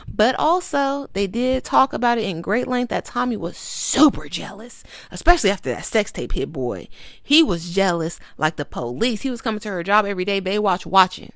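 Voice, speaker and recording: A woman's voice: medium pitch, lively intonation, normal speed, no room sound, clean studio sound. A young woman giving a sassy, emphatic casual commentary as she reviews a documentary.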